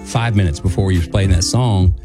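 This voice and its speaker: Guy telling a story on the radio, lively, does voices for quotes, music underneath. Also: brisk. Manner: animated, acts out quotes in a higher voice. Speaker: guest co-host, country singer.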